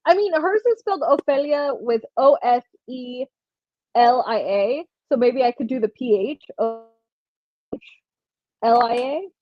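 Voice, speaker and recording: A woman's voice: high voice, animated, a little slow, no room sound, highs cut off. A young woman hosting a casual livestream giveaway, chatting and laughing while reading comments from chat aloud. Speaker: livestream host running a giveaway.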